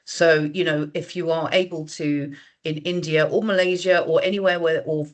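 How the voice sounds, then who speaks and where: A woman's voice: low voice, steady tone, moderate pace. A woman presenting on a video call webinar, talking in a conversational way with frequent fillers and restarts. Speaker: guest speaker.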